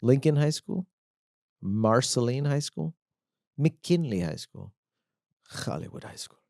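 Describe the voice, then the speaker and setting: A man's voice: mid-range voice, big pitch swings, takes it slowly, creaky, darkish tone, dry recording. A man in his thirties co-hosting a comedy podcast, joking around while reading out quiz questions on a close mic. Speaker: podcast co-host, quizmaster. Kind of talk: casual comedy chat.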